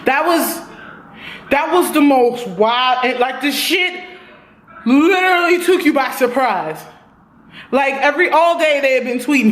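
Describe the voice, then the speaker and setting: A woman reviewing a TV episode in a casual vlog, animated and profane, talking straight to her viewers. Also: high voice, unhurried.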